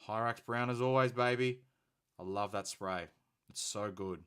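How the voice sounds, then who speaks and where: A man's voice: on the low side, normal speed, fairly bright tone, clear, resonant tone. An Australian man hosting a hobby painting stream, chatting casually and enthusiastically with plenty of fillers. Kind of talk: casual live-stream chat while painting.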